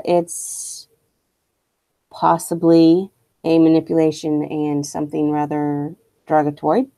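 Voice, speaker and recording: A woman's voice: sits low, mellow, dry recording. A young woman streamer ranting casually, blunt and profane, full of strong opinions. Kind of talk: casual rant while streaming.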